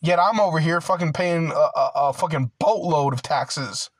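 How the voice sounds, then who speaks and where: A man's voice: a little high, normal speed, no room sound, poor audio. Profane ranting man, dry sound. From United States. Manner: profane, rambling, filler-heavy with many "like"s and restarts; aggrieved and heated. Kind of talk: casual ranting monologue.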